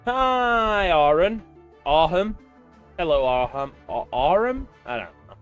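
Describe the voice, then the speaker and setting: A man's voice: high voice, big pitch swings, slow, dull audio. A man streaming a game, making sarcastic, crude jokes in casual commentary. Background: game music.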